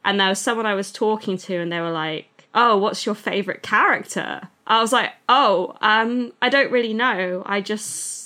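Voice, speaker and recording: A woman in her thirties, co-hosting a podcast, telling stories in a chatty way with quick laughs. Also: medium pitch, sharp tone. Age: 30s. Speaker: podcast co-host. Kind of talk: casual chat.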